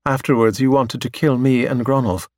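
A man voicing a calm, precise android scientist who speaks matter-of-factly. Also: medium pitch, moderate pace, no echo, studio quality, natural voice. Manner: completely calm, matter-of-fact.

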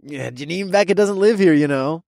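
Nasal, brash young frat boy, crude and teasing, pitched high and dry, as a male narrator puts him on. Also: moderate pace, gravelly, darkish tone, dry recording. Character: loud obnoxious young frat-boy college guy.

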